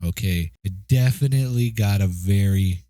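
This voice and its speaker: A man's voice: on the low side, moderate pace, mellow, no room sound. A man giving a casual spoken movie review, chatty and checking in with the listener as he goes. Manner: chatty, keeps asking "okay?" and "right?".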